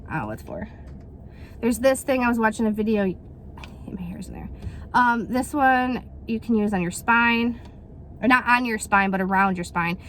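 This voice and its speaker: A woman's voice: on the high side, lively intonation, moderate pace, fairly bright tone, slight background noise. Chatty woman in her thirties. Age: 30s. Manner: chatty, rambling with fillers and acted-out quotes. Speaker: vlogger reviewing a product. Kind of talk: casual unboxing chat.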